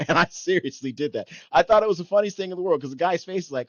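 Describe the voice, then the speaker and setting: Animated man telling a story. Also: medium pitch, fast, hardly any pauses, no echo, dull audio. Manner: animated, talks in bursts with frequent "okay?" and "anyway". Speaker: podcast host. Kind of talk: storytelling in casual chat.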